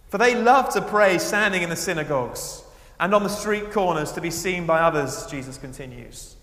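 Male preacher, fairly high voice, expressive sermon delivery, long church-hall reverb. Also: normal speed. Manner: expressive, swinging between raised emphasis and hushed asides.

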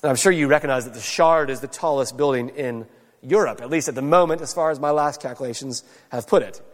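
A man preaching a sermon to a congregation, animated and given to wry asides. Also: medium pitch, fast. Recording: long echo of a large church hall.

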